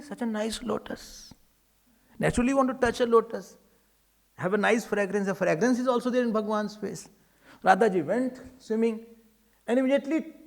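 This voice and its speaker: A male spiritual teacher gives a spiritual discourse. He tells stories in a lively, humorous way and acts out dialogues. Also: very high-pitched, creaky. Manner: animated storytelling, acting out dialogues with humor.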